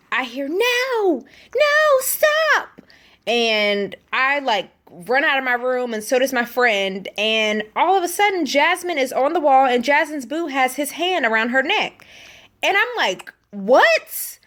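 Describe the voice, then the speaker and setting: A young woman telling a chatty, animated storytime vlog and acting out the quotes. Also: mid-range voice. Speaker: vlogger. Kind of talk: casual storytime.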